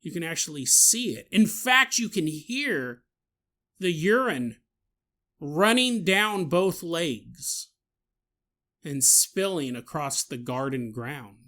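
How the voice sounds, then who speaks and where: A man's voice: a little high, animated, slow, pushed and bright. A man hosting a podcast, telling a story in a comedic, jokey way and laughing at his own asides. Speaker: podcast host.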